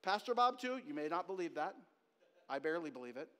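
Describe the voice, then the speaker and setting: A man preaching a sermon as pastor, talking in an animated, conversational way with asides to the congregation. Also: a little high, quick pace. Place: church sanctuary. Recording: long reverb of a church hall.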